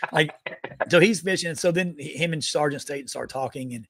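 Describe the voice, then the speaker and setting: An army veteran in his thirties co-hosts a podcast, spinning casual, animated anecdotes full of swearing and laughter. His voice is fairly high and brisk, with no room sound.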